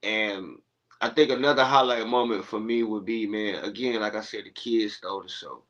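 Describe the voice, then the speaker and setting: A man telling stories in casual podcast chat, animated and laughing, acting out what he and others said. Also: fairly low pitch, moderate pace, lo-fi sound. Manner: animated, laughing storyteller, acts out his own quotes. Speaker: guest.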